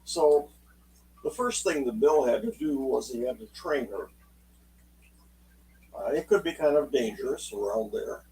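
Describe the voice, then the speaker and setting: A man telling a true story aloud in an unhurried, folksy way, voicing the people in it as he goes. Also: medium pitch, mellow, far from the mic, a little hiss or hum, low-quality recording. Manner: unhurried, folksy, acts out quotes in dialogue. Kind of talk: spoken oral storytelling.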